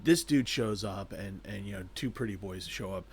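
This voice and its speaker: A man casually reviewing an anime, talking in an animated, rambling way and chuckling between thoughts. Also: on the low side, normal speed, creaky, breathy edge.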